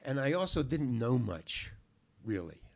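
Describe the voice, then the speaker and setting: A man's voice: medium pitch, big pitch swings, unhurried. An older man, a guest on a talk show, telling a long anecdote in a laid-back, rambling way, repeating words and cursing freely. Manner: laid-back, salty language.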